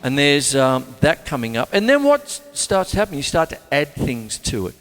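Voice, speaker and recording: A man's voice: on the high side, huge pitch swings, moderate pace, loud music behind the voice. A man from Australia giving a chatty, rambling drum lesson, counting beats aloud as he plays a kit. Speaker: drum teacher. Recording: long hall reverb, drums playing loudly.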